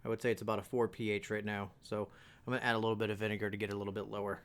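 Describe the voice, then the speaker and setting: A man's voice: lowish voice, little pitch movement, very fast, clean tone. A young adult man hosting a casual home cooking video, walking viewers through a recipe with jokey asides in a home kitchen.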